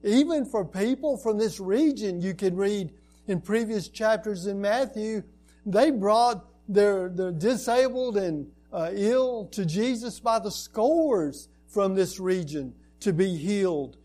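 A man's voice: sits high, slow, warm tone, faint music behind. A man preaching a sermon as a pastor, speaking earnestly and building to emphatic, repeated lines.

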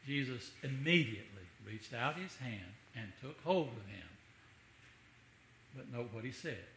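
A man's voice: mid-range voice, animated, a little slow, a bit bright, reverberant, rough recording. A man preaching a sermon in a conversational way, with rhetorical asides to the congregation.

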